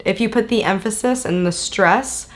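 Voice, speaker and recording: A woman co-hosts a relaxed relationship-advice chat. She teases her partner and laughs often while giving practical tips. Her voice sits at an everyday middle pitch. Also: moderate pace. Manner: teasing, laughs easily, gives tips. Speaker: co-host. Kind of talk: casual podcast chat.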